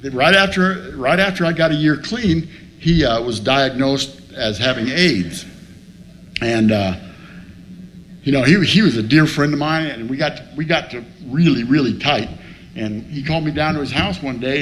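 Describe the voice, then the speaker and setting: A man with a mid-range, somewhat bright voice tells a crude, humorous story at a recovery meeting, acting out each person in the exchange. A faint hiss or hum runs through the audio.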